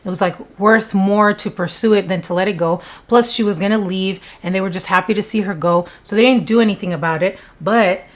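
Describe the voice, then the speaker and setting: A woman recounting a true-crime case in a chatty, conversational voice, with plenty of casual asides. Her pitch sits in an ordinary middle range for a woman. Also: a little fast, few pauses.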